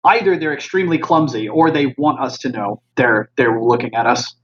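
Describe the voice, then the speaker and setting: A man voicing a calm, streetwise character in a tabletop game, reasoning aloud in a halting way over a dull lo-fi mic. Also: mid-range voice, natural voice. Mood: wary.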